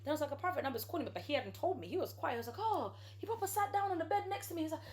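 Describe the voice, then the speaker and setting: A young woman telling a story on a podcast in casual chat, acting out the people she quotes. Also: sits high. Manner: animated, quick storytelling with acted-out quotes.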